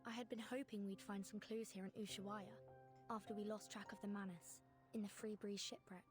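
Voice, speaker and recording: An actress voicing a composed young woman in a game, speaking in a polite, measured way. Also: mid-range voice, fairly even intonation, faint music behind, close to an everyday voice. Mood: thoughtful.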